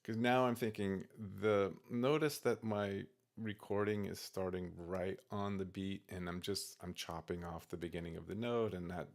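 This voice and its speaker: A man working through takes of his own song on a studio microphone, talking himself through each attempt in soft, self-critical asides. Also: low voice, steady tone, normal speed, hardly any pauses. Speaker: singer-songwriter teaching vocal practice. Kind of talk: casual talk-through of his own practice session. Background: guitar playing.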